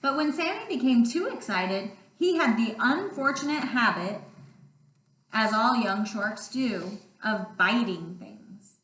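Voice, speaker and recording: A woman teacher reading picture books aloud, expressive and playful, with roars. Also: a little high, slow. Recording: roomy sound, distant mic.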